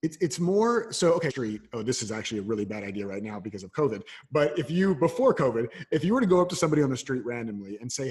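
A coach appearing as a podcast guest answers interview questions in a casual conversation, his medium-pitched, husky voice moving quickly with hardly any pauses. He's an animated storyteller who acts out voices in little exchanges.

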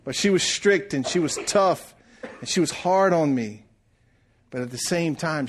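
A man's voice: on the high side, unhurried. Preaching middle-aged man. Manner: preaching, swells loud then drops to hushed. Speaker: pastor. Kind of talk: sermon.

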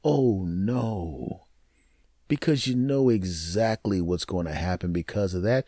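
A man hosting his own podcast, telling a comic story in an animated, jokey monologue. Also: moderate pace, dry recording, studio quality. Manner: animated, jokey, wide swings in pitch. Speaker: podcast host.

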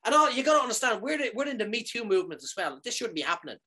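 Animated man telling a comic story. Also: extremely high pitch, racing, husky. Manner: animated, keeps asking "right?", swears freely.

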